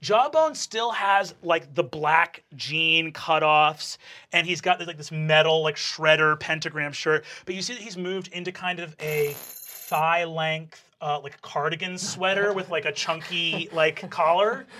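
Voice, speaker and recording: Bright-voiced man narrating a tabletop game. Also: on the high side. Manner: halting, filler-heavy narration. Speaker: game master.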